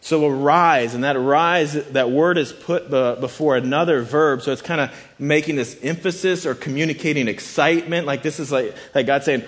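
A man's voice: mid-range voice, normal speed. A man preaching a sermon in a conversational way, sometimes acting out the voices he quotes. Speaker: pastor.

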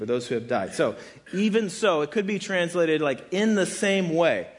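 A man's voice: fairly high pitch, expressive, measured pace. Casual, chatty preacher man. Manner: casual and conversational, with frequent "like" fillers; dramatic, voices the people in his scripture quotes. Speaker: pastor. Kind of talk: sermon.

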